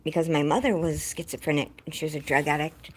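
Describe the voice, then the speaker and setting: Speaking fast in a deep, fairly even voice over slight background noise, a young woman vlogs about something distressing that happened to her. She rambles, sounds close to crying, and stops to scold her dog.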